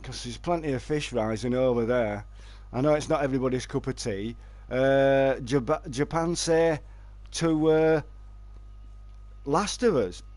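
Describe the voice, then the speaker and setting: A man's voice: mid-range voice, a little slow, a little mellow, no room sound. A man streaming a fishing game live, chatting and joking with his viewers and answering their messages.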